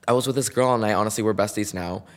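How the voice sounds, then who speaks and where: Hosting his own podcast, this man tells a story on his own in a casual, dramatic way, heavy on slang and "like." His voice is lowish and he speaks very fast.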